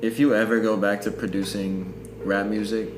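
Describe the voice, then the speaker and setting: Low flat-voiced dude hosting a podcast, echoey room, music playing clear behind him. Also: male voice, normal speed. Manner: short laid-back back-channel replies. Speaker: podcast host. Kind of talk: casual chat.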